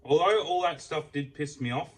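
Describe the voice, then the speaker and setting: A young man telling an animated, foul-mouthed story as a casual vlog while he eats. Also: fairly high pitch, moderate pace, distant mic. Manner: heavy swearing, animated storytelling. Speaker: food vlogger. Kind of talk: casual ranting while eating. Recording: voice off from the mic.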